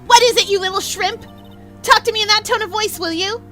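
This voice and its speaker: A woman voicing a snippy, bratty young female witness with a shrill, whiny voice. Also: a little fast, pushed and bright, faint music behind. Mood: indignant.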